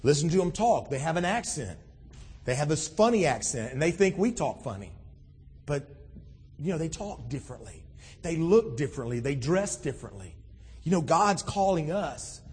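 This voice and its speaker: A man's voice: on the high side, a little mellow, husky. A man preaching a sermon as pastor, conversational, with frequent restarts and fillers. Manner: conversational, many restarts and "you know". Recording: long hall reverb.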